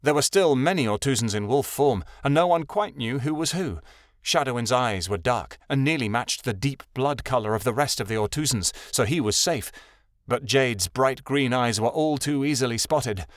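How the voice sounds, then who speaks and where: Man, audiobook narration, mid pitch, steady measured delivery, dry close recording. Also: dry recording. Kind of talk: scripted narration.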